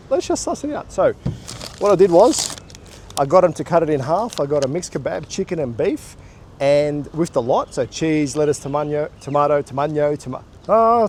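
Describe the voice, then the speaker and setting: A man's voice: fairly high pitch, a little mellow, a little hiss or hum. A man with an Australian accent hosting a casual food review vlog, chatty and swearing offhandedly. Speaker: food vlogger.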